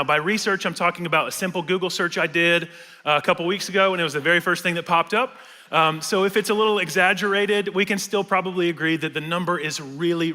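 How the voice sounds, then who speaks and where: A man's voice: a little high, bright, forceful tone. A man preaching a casual, conversational sermon with fillers and light humor. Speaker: pastor. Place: large church hall. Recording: reverberant church sanctuary.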